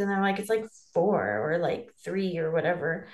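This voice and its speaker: A woman's voice: medium pitch, steady tone, normal speed, echoey room. A woman in casual podcast chat, rambling and filling with "like" as she acts out quoted dialogue. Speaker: podcast co-host telling her birth story.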